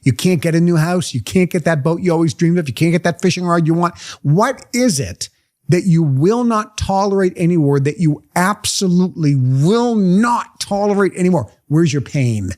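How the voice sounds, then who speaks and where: A man's voice: high-pitched, expressive, moderate pace, darkish tone. Emphatic man firing rhetorical questions. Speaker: motivational seminar speaker. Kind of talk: motivational talk to a live group.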